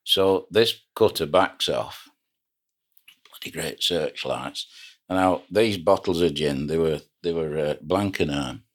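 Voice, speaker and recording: Older man, very deep voice, rambling anecdotal storyteller, ex-skipper. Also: takes it slowly. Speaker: retired pilot boat skipper. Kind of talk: reminiscing oral history.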